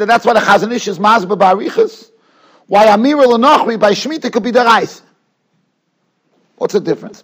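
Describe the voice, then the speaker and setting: A man's voice: extremely high pitch, a bit bright. A man, a rabbi teaching a Talmud class in a yeshiva, explaining step by step and repeating words as he builds his argument. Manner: explanatory, repeats words while building an argument, mixes in Hebrew and Yiddish terms. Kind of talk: lecture on Jewish law, explaining and questioning. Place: yeshiva study hall.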